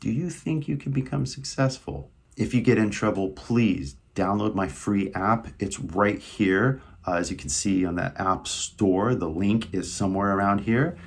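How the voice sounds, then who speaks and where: Californian guy teaching english to camera, kinda low voice, pushy encouraging questions. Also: steady tone, measured pace, hardly any pauses, slightly rough. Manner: emphatic, coaxing, asks the viewer questions. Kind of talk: direct-to-camera language lesson.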